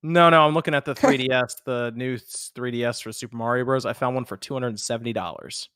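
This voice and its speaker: A man's voice: medium pitch, fast talker, fairly bright tone, clear, resonant tone, no echo. Easygoing male co-host on a stream chat, mid voice, dry close mic. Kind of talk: casual livestream chat.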